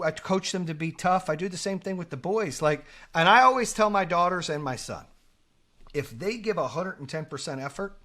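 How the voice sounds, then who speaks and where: Middle-aged guy, podcast host, lively swearing storyteller, bright voice that swings up and down. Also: on the high side. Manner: animated, profane, acts out quoted lines. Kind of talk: casual storytelling.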